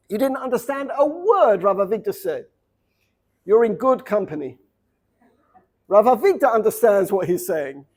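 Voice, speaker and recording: A middle-aged man, a rabbi, giving an informal lecture to students, lively and repetitive, dropping Hebrew words into his English. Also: high voice. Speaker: rabbi teaching a seminary class. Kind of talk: informal Torah lecture with storytelling.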